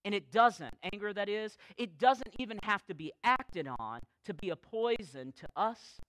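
A man preaching a sermon as pastor, telling candid stories with dry, self-deprecating humor and slowing down to stress key phrases. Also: high-pitched, lively intonation, a bit bright, no echo, rough recording. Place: church service, recorded live.

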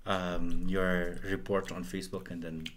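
A man's voice: deep voice, little pitch movement, a little slow, a bit bright, a little hiss or hum. A young man from Bhutan co-hosting a podcast, explaining his point in a rambling, joking way. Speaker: podcast co-host. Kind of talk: casual chat.

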